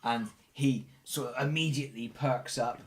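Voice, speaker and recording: A man narrating as dungeon master, describing the scene in a lively way and asking players for rolls. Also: medium pitch, normal speed. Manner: lively, laughing storyteller. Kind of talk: narrating a tabletop game.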